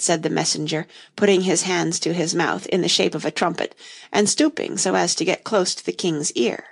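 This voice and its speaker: Gravelly-voiced woman reading a storybook. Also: fairly low pitch, moderate pace. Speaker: narrator.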